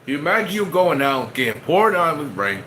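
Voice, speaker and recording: A man's voice: on the high side, very animated, normal speed, a bit bright, slight background noise. A man, streaming and chatting casually to his viewers, rambling and joking as he eats. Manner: rambling, joking, talks while eating.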